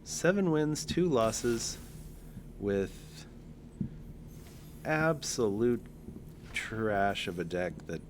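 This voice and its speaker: A man streaming a card game, joking and thinking out loud as he plays. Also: fairly low pitch, animated, drawn-out words, pauses often, slight background noise. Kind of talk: casual card-game livestream commentary.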